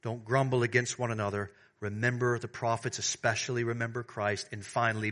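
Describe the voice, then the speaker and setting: A male pastor preaching a sermon, alternating between fervent, raised declarations and soft, hushed appeals to his congregation. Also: medium pitch, flat delivery, brisk, hardly any pauses. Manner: swings from loud preaching to hushed tenderness; addresses the congregation as beloved.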